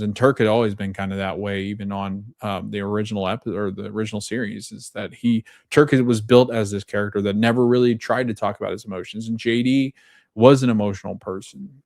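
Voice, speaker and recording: Male podcast host, low voice, dry close mic, loose chatty recap with lots of ums. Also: vocal fry, no room sound. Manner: rambling, retells scenes with loose quotes and fillers. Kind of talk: casual recap and reaction.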